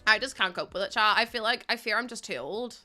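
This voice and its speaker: A woman's voice: medium pitch, fast, pushed and bright, soft background music. A young woman livestreaming, chatting casually and self-mockingly with her viewers while she plays a game.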